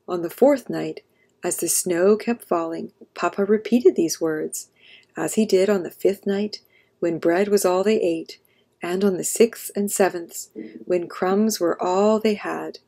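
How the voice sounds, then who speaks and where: A woman storyteller reading a children's picture book aloud in a gentle, expressive way. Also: fairly low pitch, measured pace, creaky.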